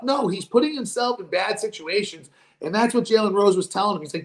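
A man co-hosting a podcast, talking sports in a profane, animated way and acting out quoted voices. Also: high voice, a little fast, hardly any pauses, reverberant. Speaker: podcast co-host. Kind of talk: casual sports chat.

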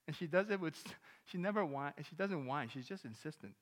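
A male pastor preaches to his congregation in a relaxed, conversational way, slipping into the voices of the people in his stories. His voice sits a little high for a man. The sound rings out with a long reverb through a church hall. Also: brisk, few pauses. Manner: conversational storytelling, acts out dialogue. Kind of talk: sermon. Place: church sanctuary.

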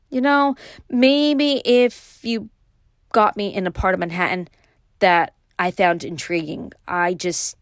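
A middle-aged woman with a Brooklyn accent hosting her own podcast, talking alone in a casual, rambling way with many pauses and restarts. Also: mid-range voice, no room sound, clean studio sound. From New York. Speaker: podcast host. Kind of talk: casual solo podcast monologue.

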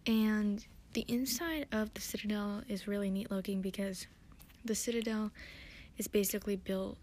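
A woman's voice: mid-range voice, steady tone, moderate pace, darkish tone. A tired woman hosting a podcast, recapping an episode in a rambling, hesitant, self-deprecating way. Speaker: podcast host.

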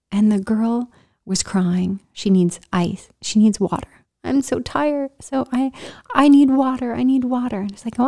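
Animated woman telling a personal story. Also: medium pitch. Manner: animated, laughing, drops into whispers for emphasis. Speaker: vlogger.

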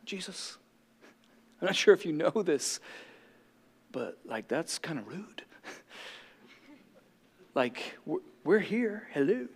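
A man voicing an offended, self-important male Pharisee who grumbles in a hushed, half-whispered way. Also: high voice, husky, full character voice.

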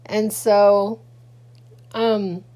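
A grieving middle-aged woman speaks slowly in a mellow, warm voice. She rambles through a casual late-night vlog, halting and restarting with many fillers. She sounds sleepy. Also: medium pitch, level tone. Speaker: vlogger. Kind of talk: casual personal talk to camera.

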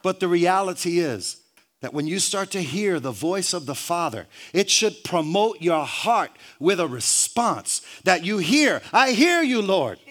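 A man preaching a sermon, peppering his phrases with hallelujah, stumbling and repeating words, joking with the congregation and rising to shouts. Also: sits high, expressive, measured pace.

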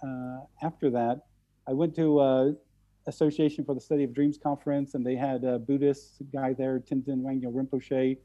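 Guy from the middle of the us, guest telling stories, keeps restarting words, very mellow tone, kinda dull lo-fi audio. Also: mid-range voice, flat delivery. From central United States. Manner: halting, repeats words often. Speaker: guest speaker. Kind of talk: storytelling in conversation.

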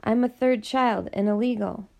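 A woman reading an audiobook, voicing a frightened, hungry young girl on the run, pitched up and pleading, with a gravelly voice. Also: steady tone, normal speed, dark tone.

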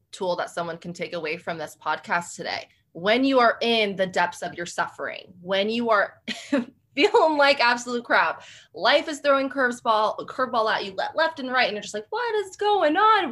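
A woman's voice: mid-range voice, lively intonation, moderate pace, fairly bright tone. A woman hosting a podcast, affirming her guests' ideas and laughing often as she talks. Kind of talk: reflective podcast conversation.

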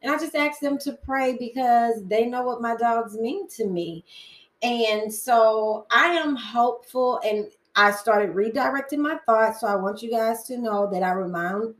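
A woman's voice: on the high side, echoey room, low-quality recording. Chatty woman podcast host. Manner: chatty, prone to tangents, faith-filled. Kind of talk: casual solo podcast talk.

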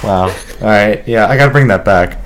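A young man with a fairly low voice chats loosely on a podcast. He rambles, cracks jokes and swears freely, with a casual, offhand delivery. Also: moderate pace, a little hiss or hum. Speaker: podcast co-host.

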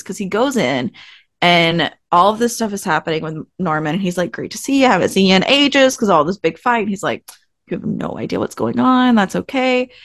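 A woman's voice: medium pitch, dry recording, studio quality. A woman co-hosting a podcast, casually retelling TV episode scenes and acting out the characters' lines. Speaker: podcast co-host. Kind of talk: casual recap chat.

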